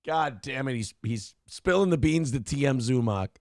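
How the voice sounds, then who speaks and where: A man's voice: mid-range voice, lively intonation, normal speed, dry recording, studio quality. Buzzed, profane man hosting a stream. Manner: swears a lot, grows irritated and rants. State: a little drunk and tired. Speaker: streamer host. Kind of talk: profane casual stream chat.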